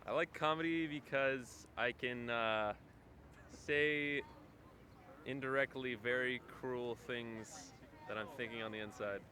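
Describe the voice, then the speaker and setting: A man doing a mocking stand-up bit on a city street, talking fast. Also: mid-range voice, crowd noise. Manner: rapid, mocking delivery. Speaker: aspiring comedian.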